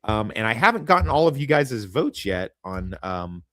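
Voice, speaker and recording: Profane podcast host. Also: male voice, on the low side, sing-song, moderate pace, a bit bright, no room sound, clean studio sound. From American Midwest, Kansas. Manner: profane, rambling, laughs often. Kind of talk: casual crude podcast chat.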